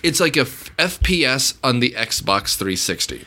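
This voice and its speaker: A man's voice: mid-range voice, sing-song, moderate pace, sharp tone. A man hosting a casual movie-review podcast, rambling and sarcastic, with frequent restarts. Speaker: podcast host.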